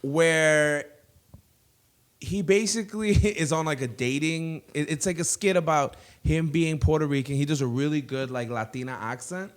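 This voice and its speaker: A man hosting a comedy podcast, with a voice that sits a touch high for a man. His talk is loose and rambling, peppered with laughs and crude asides, like casual chat among friends. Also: moderate pace. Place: studio.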